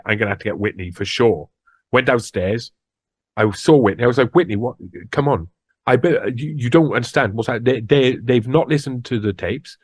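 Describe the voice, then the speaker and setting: A man giving a personal account in an interview, halting and restarting as he replays past conversations. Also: mid-range voice, dry recording.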